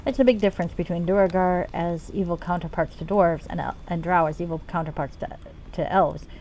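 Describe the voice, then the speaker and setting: A woman's voice: on the low side, steady tone, brisk, a little mellow, a little hiss or hum. A woman streaming a video game, chatting casually in rambling, profane tangents as she plays. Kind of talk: casual let's-play commentary.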